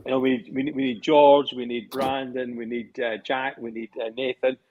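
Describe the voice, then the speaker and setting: A man's voice: medium pitch, flat delivery, moderate pace, darkish tone, muffled recording. A man chatting casually on a podcast about running an event, often repeating himself as he starts sentences. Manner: rambling, repeats words when starting sentences. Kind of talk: casual chat.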